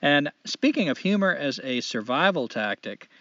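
A man's voice: a little high, big pitch swings, normal speed, bright, forceful tone, dry recording, dull audio. A man co-hosting a podcast, telling stories in a jokey, casual way and laughing often. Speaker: podcast co-host. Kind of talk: casual storytelling chat.

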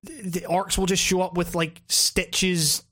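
A man's voice: sits high, level tone, a little slow, fairly bright tone. A man in casual gaming chat who laughs a lot and stammers as he trails off.

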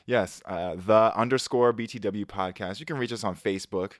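A man's voice: fairly low pitch, normal speed, dry recording, clean studio sound. A man in his thirties co-hosting a podcast, laid-back and joking in casual slangy chat. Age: 30s. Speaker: podcast co-host.

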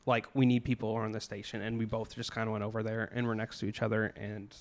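A young man chatting as a podcast guest, halting and hesitant as he recalls things. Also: lowish voice, monotone. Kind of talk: casual chat.

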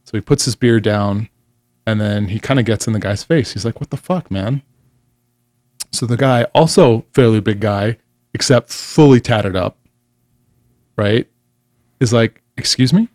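A man's voice: fairly low pitch, normal speed, pauses often, darkish tone, no echo, studio quality. A man co-hosting a casual chat, blunt and profane, who laughs often. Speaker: podcast co-host.

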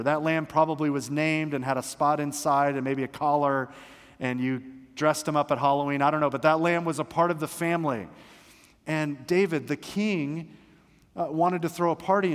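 A man preaching a sermon as pastor, chatting with his congregation and reading scripture dramatically. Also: fairly high pitch. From Florida, United States. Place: church sanctuary. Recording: long hall reverb in a church.

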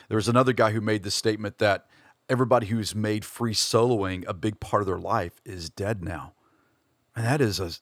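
Male podcast host, low voice, casual musing delivery with lots of ums and restarts, dry recording. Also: no echo. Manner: hesitant, many fillers and restarts. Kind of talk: casual reflective monologue.

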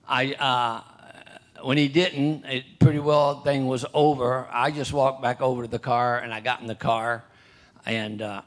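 An older man preaching a sermon, telling a personal story with many restarts and throat-clearing, and reading scripture louder and higher. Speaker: pastor.

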